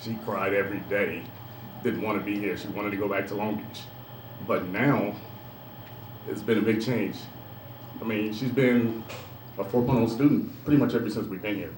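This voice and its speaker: A tearful man speaking as a proud father and coach, halting and heartfelt, at a school ceremony. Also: lowish voice, steady tone. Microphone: handheld microphone. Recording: echoey noisy room.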